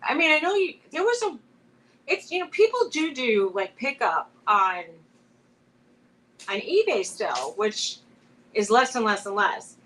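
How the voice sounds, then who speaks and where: A woman's voice: a little high, very animated, unhurried, long pauses, a bit bright, poor audio. A woman co-hosting a live chat with a friend, telling rambling stories full of restarts and laughing often mid-sentence. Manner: rambling, chatty storytelling with many restarts. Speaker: co-host of a live chat show. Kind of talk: casual chat between friends.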